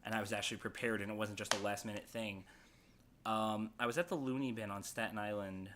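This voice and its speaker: A man's voice: fairly low pitch, fairly even intonation, fast, background noise. A man, co-hosting a podcast in casual chat, telling rambling stories full of swearing. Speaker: podcast co-host.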